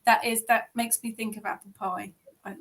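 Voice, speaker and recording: A woman's voice: a little high, little pitch movement, moderate pace. A woman from England, hosting an online ritual and greeting participants in a chatty, bubbly way over a video call. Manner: chatty and bubbly, laughs often. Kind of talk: casual chat greeting participants.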